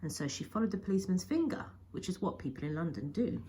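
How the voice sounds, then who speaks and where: A woman's voice: on the low side, big pitch swings, quick pace, warm tone, slight background noise. A woman teacher reading a picture book aloud with expression, often dropping to a whisper. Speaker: primary school teacher.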